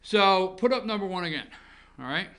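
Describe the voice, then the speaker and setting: A man's voice: high-pitched, normal speed. A man hosting a political opinion show, ranting with heavy repetition. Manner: animated, ranting, repeats himself. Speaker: talk show host.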